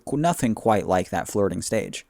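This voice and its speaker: Podcast guy chatting advice, swings his pitch all over, dry close sound. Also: unhurried, gravelly, no echo. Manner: animated, jokey, rambling. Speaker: podcast co-host. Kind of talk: casual advice chat. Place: remote recording, long distance.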